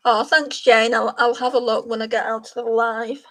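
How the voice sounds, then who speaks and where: A woman's voice: a little high, fairly even intonation, normal speed, hardly any pauses. A woman chatting casually to viewers by name while she does her makeup on a livestream. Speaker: beauty livestream host.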